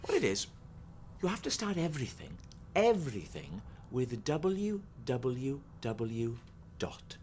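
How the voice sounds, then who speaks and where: A man's voice: medium pitch, big pitch swings, takes it slowly, a little mellow, a little hiss or hum. A middle-aged man with a Welsh accent, playing a chatty sitcom character who patiently explains things in a folksy way. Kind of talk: scripted TV comedy acting.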